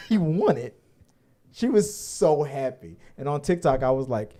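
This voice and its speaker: A man's voice: fairly high pitch, sing-song, unhurried, a little mellow, slight background noise. A man co-hosting a podcast in loose, rambling casual chat, joking and swearing freely. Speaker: podcast co-host.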